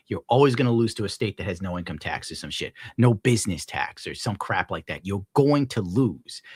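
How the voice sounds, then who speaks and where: A man ranting casually on his stream at home, swearing, laughing often and scolding his dog loudly between points. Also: lowish voice, breathy edge, no room sound, studio quality. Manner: profane, rambling, laughs often. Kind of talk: casual rant on a live stream.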